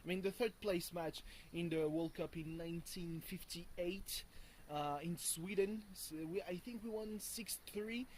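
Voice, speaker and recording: A man's voice: high voice, unhurried, a little mellow, slight background noise, poor audio. A man, rambling casually and swearing freely while vlogging from home on a hot morning. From France. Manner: rambling and profane, with many fillers and chuckles. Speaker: video blogger.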